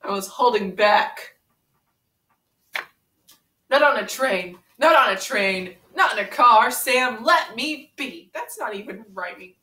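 Woman as brash young fighter, teasing and impatient, bright and high, roomy room, distant mic. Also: animated, slow pace, exaggerated voice. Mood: playful. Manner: impatient, teasing, reads aloud in a sing-song voice. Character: brash, pun-loving young woman brawler. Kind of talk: comedic fan parody. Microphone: camera mic set far away.

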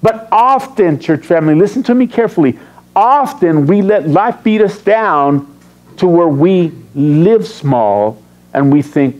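A man's voice: high-pitched, expressive, a little slow, darkish tone. A man preaching a sermon as pastor, teasing and quizzing his congregation. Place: church sanctuary.

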